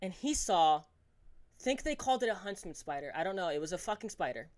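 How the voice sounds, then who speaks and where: A young man hosting a solo podcast, ranting fast and profanely, tripping over his words with stammers and restarts. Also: high voice, lively intonation. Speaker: podcast host.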